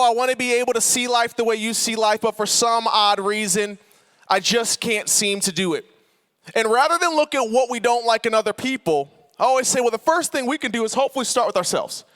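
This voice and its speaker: A young man giving a storytelling sermon to a conference crowd, animated and playful, swinging between loud outbursts and soft asides. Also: very high voice, brisk. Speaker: conference speaker. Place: large hall with live audience.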